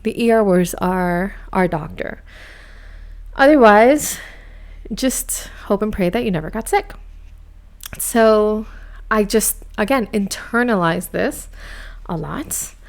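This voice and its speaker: A woman from Miami hosting a podcast, telling a personal story in a chatty, animated, self-mocking way. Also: mid-range voice, clean tone. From United States, grew up in Miami. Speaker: podcast host. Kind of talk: casual storytelling monologue.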